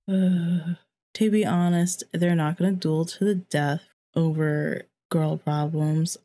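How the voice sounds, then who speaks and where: A woman's voice: on the low side, steady tone, slow pace, dark tone, faint music behind. A woman hosting a let's play, chatting casually over her game, exclaiming and joking, and reading out what the characters say in her own voice. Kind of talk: casual gameplay commentary.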